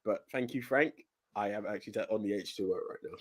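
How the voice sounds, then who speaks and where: A man's voice: on the low side, quick pace. A drunk young man, a co-host rambling in casual chat, stumbling over his words and laughing often.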